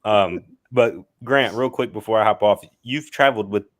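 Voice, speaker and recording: A man's voice: lowish voice, moderate pace, fairly bright tone, dry recording, studio quality. A man calling in to a sports show, eager and rambling, stumbling over his words. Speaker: caller. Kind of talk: phone-in chat.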